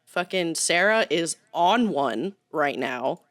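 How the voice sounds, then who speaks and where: A woman co-hosting a podcast, reading posts aloud and chatting casually, animated, laughing often and swearing freely. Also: sits low, takes it slowly, no room sound, clean studio sound. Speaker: podcast co-host.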